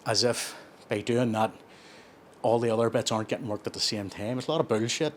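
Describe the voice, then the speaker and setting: Between sets at the gym, a male vlogger chats casually and rambles through his explanations with lots of self-corrections. He speaks fairly quickly at a medium pitch, and there's slight background noise.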